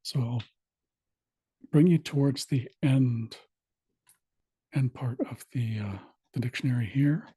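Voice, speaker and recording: A man teaching an online language class, walking through old dictionaries in a plain, steady way with frequent pauses and fillers. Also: mid-range voice, husky, dry recording. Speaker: language instructor. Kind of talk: online class screen-share walkthrough.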